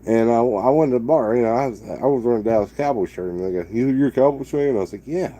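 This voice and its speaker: Relaxed rambling man from Texas. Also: mid-range voice, fast talker, slight background noise. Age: 30s. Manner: loose and rambling, with many restarts and fillers. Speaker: vlogger. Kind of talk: casual rambling chat to camera.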